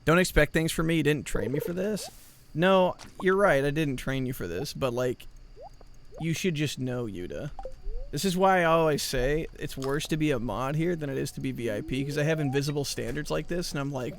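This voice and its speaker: A man's voice: a little high, animated, fairly quick, vocal fry. A man streaming live, chatting with his viewers in a rambling, joking, mock-exasperated way. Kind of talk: casual chat with viewers.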